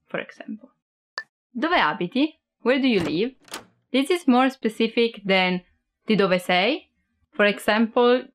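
A young woman from Italy with an Italian accent, teaching a beginner language lesson and explaining each phrase slowly with plenty of examples. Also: medium pitch.

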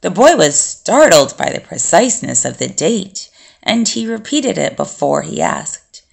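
A woman narrates an audiobook in a slow, unhurried way. Her voice carries a strong gravelly fry. She keeps the reading steady and plain. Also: lowish voice.

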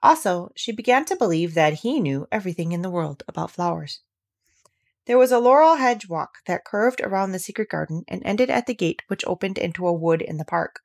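Woman reading a classic storybook aloud, animated voice, lots of ups and downs. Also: lowish voice, a little fast, gravelly. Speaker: audiobook reader.

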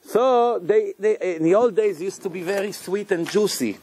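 A man telling a religious story in a sermon, animated, chuckling often and acting out the quotes. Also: sits high, normal speed, husky, no echo.

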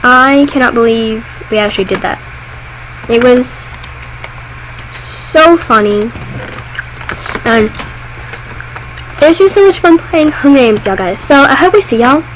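A woman's voice: on the high side, animated, unhurried, long pauses, a little hiss or hum, poor audio. A woman hosting a casual gaming video, bubbly and rambling, saying y'all a lot. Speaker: channel host.

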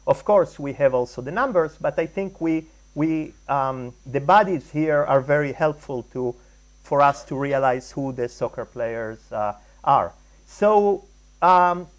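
Give me a man from Israel with a slightly high voice, lecturing at a conference with frequent pauses and restarts. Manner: hesitant, many ums and restarts. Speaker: guest lecturer, artist. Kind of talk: conference talk on caricature. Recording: live lecture hall talk.

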